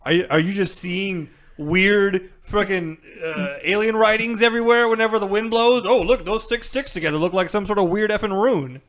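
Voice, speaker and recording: A man's voice: sits high, normal speed, hardly any pauses, a bit bright. A young man playing a tabletop game, chatting casually with rambling, stammering banter. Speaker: player.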